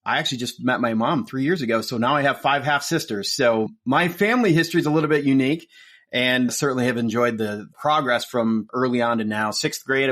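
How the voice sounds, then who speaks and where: A man's voice: medium pitch, fairly bright tone. A man in his late forties from Iowa, a podcast guest telling stories about his background in a plainspoken, casual way. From Iowa, USA. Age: late 40s. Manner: plainspoken, storytelling. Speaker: revenue executive, podcast guest. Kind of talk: casual interview chat.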